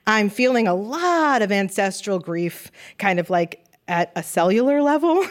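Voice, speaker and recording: A woman co-hosts a live show in front of an audience. She sounds effusive and joking, and her voice sits in a middle pitch. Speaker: podcast co-host. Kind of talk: live stage conversation. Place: stage before a live audience.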